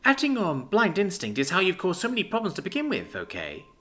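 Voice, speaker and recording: Guy putting on a higher young woman's voice, guarded and defiant, sharp when pushed, story reading. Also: wildly swooping pitch, brisk, full character voice. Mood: wary. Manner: wary, pleading then sharp and scornful. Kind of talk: audiobook story narration.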